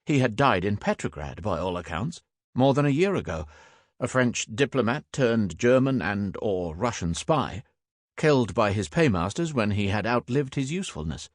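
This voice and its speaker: Deep-voiced male audiobook narrator. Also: dry recording, studio quality. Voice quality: measured, even storytelling.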